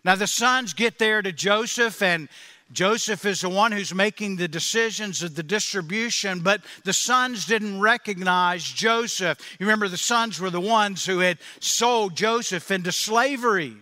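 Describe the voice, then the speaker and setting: A man's voice: sits high, moderate pace, sharp tone, long reverb tail. A male pastor preaching a sermon with emphatic, repeating phrases, in a church.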